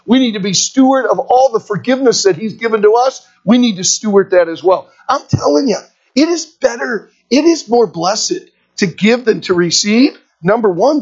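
Husky animated pastor preaching. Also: mid-range voice. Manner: animated storytelling preacher, rhetorical questions to the congregation. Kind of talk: sermon. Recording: dull lo-fi recording.

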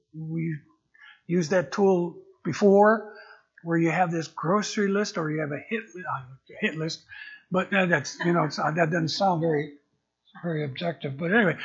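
A man's voice: high voice, husky, dull audio. An older man preaching a sermon as pastor, in a conversational way, often repeating words as he searches for the next phrase.

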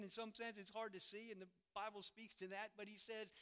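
A male pastor delivering a sermon with a high, bright voice. He is emphatic and pushes key words out loudly before dropping back to a quieter tone. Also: little pitch movement, a little fast, hardly any pauses, clean tone. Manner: emphatic, swells loud on key words then drops quiet.

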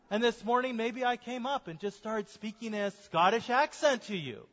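American preacher guy, higher voice, long echo, kinda muffled. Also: moderate pace, few pauses, a bit bright. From United States. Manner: earnest preaching with questions to the congregation. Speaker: pastor. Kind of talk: sermon. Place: church sanctuary. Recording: dull sound with long hall reverb.

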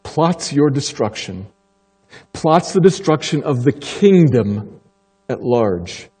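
In a church sanctuary with long hall reverb, a male pastor gives a sermon in a mid-range, husky voice with a mellow, dark tone. He is very animated and emphatic but unhurried, deliberately slowing down to stress the key phrases he wants to land.

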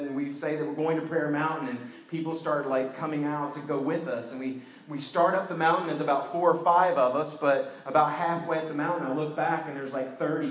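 A man preaching a sermon as a story, animated, going from loud outbursts to hushed tones. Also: a little high. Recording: echoey room.

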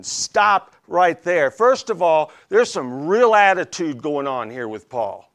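A man's voice: a little high, very animated, takes it slowly, few pauses, fairly bright tone. A man preaching an expository sermon in a folksy, conversational way, often checking in with his listeners. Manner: folksy, conversational, frequent "okay?" check-ins.

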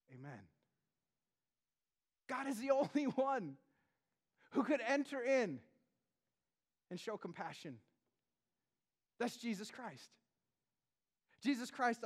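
Speaking in a very high voice, a pastor gives a chatty sermon, tossing questions and asides to the congregation. He alternates between loud, emphatic moments and hushed ones, and his casual delivery is full of "like" and "right?".

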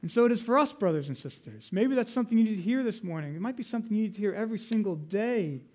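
Male pastor, higher register, emphatic teaching sermon, slows for scripture lines. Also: animated, a little mellow.

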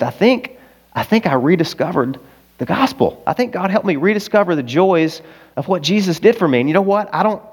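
Earnest Arkansan pastor preaching. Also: male voice, fairly high pitch, husky. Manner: earnest, confessional storytelling with sudden loud emphatic peaks. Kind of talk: sermon.

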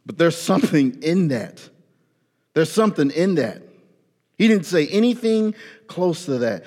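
Man, pastor, sermon, slangy, animated, raised-voice acted prayers, lingering hall echo. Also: a little high, a little slow, long pauses. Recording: long hall reverb.

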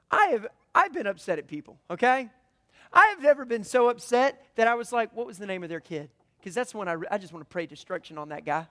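High-voiced preacher, loud and hushed. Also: male voice, long reverb tail. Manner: conversational preaching with sharp swings from loud to hushed. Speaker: pastor. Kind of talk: sermon.

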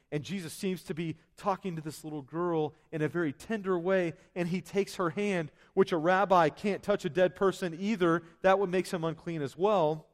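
Man preaching in a reverberant hall. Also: a little high. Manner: conversational, with asides and restarts. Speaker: pastor. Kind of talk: sermon.

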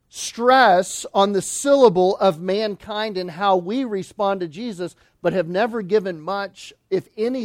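High-voiced pastor preaching. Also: male voice, no room sound, studio quality. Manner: emphatic preaching, slowing and dropping low on key phrases. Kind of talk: sermon.

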